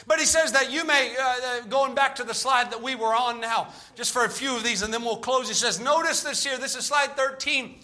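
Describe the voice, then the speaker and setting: A man's voice: very high-pitched, steady tone, a little fast, few pauses, bright, forceful tone. A man preaching a sermon to his congregation as pastor, fervent and emphatic.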